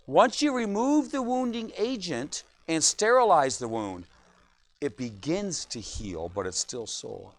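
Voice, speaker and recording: Animated, joking male pastor. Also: sits high, unhurried, dry recording. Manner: lively, joking, asks "right?" again and again. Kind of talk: sermon. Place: church.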